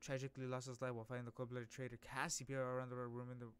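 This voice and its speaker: A man streaming a casual comic readthrough, reacting excitably with gasps and exclamations. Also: medium pitch, rapid-fire, slight background noise. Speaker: streamer reading a webtoon.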